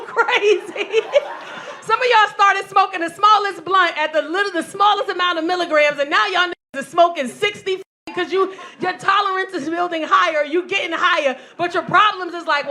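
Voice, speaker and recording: A woman in her forties performing a loud, animated stand-up set with crowd work, telling stories to a live audience. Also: very high-pitched. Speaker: stand-up comedian. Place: comedy club stage with live audience. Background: audience laughter.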